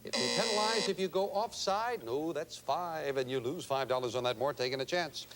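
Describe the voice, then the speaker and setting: A man's voice: a little high, animated, normal speed, a bit bright, slight background noise. A man hosting a TV game show, chatting with contestants in upbeat studio banter. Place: TV studio with audience.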